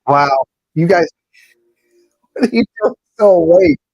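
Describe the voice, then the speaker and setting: Chatty husky-voiced man on a live stream. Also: fairly high pitch, lively intonation, takes it slowly, darkish tone, dry recording, lo-fi sound. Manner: chatty, talks to viewers' comments. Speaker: pin collector streaming live. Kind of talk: casual live-stream chat.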